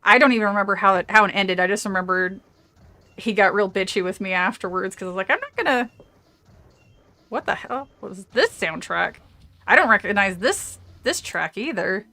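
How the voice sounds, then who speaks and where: A woman's voice: medium pitch, brisk, bright, forceful tone. A woman streamer chatting casually with her audience, rambling, trailing off into asides and laughing often. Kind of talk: casual livestream chat with audience.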